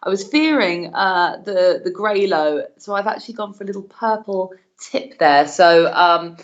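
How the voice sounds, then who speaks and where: A woman compering a comedy show over a home video call, chatty and full of cheeky swearing. Her voice sits at a middling pitch. The stream audio sounds slightly dull and lo-fi. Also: lively intonation, measured pace. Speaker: host and compere. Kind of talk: live-streamed stand-up hosting. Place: her living room.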